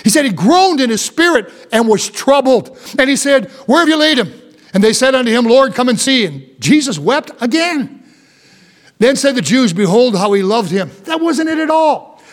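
A man with a notably high voice preaches from the pulpit. He reads old scripture passages aloud and explains them in plain words. He swings between fervent, emphatic stretches and soft, slowed-down asides. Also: sing-song. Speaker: pastor. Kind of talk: sermon with scripture reading.

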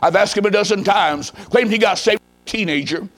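A man preacher voicing a distressed wife whose husband is dying, speaking low and hushed. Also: a little fast, lightly acted.

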